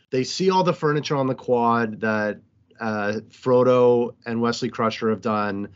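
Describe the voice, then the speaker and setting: A man with an ordinary mid-range voice recaps a film in an animated, profane way. The sound is somewhat dull and lo-fi. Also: mid-range voice, moderate pace, smooth. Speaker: podcast co-host. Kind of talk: casual movie recap chat.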